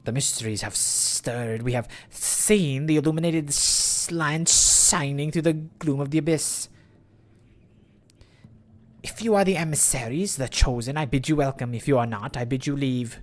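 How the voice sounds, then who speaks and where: A man voicing a guarded fish-folk chieftain in a game, with slow, measured, formal speech. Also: mid-range voice, natural voice. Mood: solemn.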